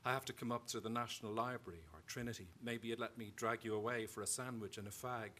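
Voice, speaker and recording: A man with an Irish accent voicing a wry, deadpan young woman in a live story reading. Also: medium pitch, quick pace, lightly acted. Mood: breezy. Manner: deadpan teasing.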